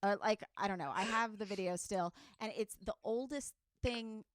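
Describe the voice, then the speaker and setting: A woman's voice: medium pitch, moderate pace, noisy background. A woman of thirty, a comedian hosting a podcast, telling stories in casual chat and slipping into quoted voices. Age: 30s. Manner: animated storytelling with quoted voices.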